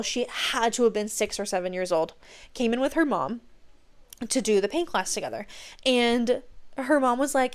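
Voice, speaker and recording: A young adult woman hosting a podcast, telling stories in a gushing, excitable way with casual swearing. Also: a little high, normal speed. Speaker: podcast host. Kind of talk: casual chat.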